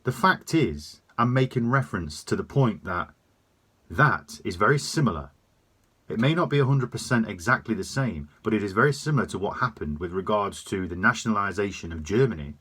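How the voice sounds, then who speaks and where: A man's voice: fairly low pitch, lively intonation, brisk, a bit bright, slightly rough. A man delivering a sweary, emphatic opinion rant to camera. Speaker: vlogger.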